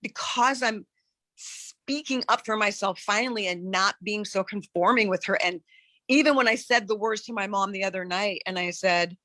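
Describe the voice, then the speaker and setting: Woman, coaching client, earnest, halting restarts, dry close sound. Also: mid-range voice, bright, forceful tone, no echo. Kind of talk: live coaching call.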